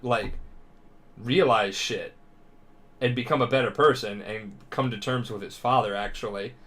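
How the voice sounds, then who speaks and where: A drunk man co-hosting a podcast, rambling and swearing as he retells a story in a casual way. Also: medium pitch. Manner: rambling, profane, animated. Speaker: podcast co-host.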